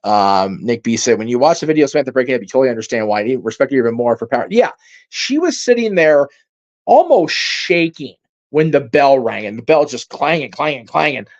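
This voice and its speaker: A man's voice: mid-range voice, very animated, fairly quick. A man hosting a casual livestream, reading out viewer comments and reacting in a rambling, heated way, swearing freely and using many fillers. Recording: dull lo-fi stream audio.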